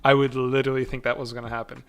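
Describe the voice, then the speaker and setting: A man's voice: medium pitch, flat delivery, very fast, fairly bright tone, smooth. A man hosting a casual livestream chat, rambling along and laughing often. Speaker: host.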